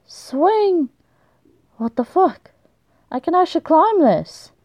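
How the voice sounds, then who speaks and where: A young woman commentating on her game play, excitable and swearing a lot, shrieking when startled. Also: extremely high pitch, a little slow, no room sound, muffled recording. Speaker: gaming YouTuber.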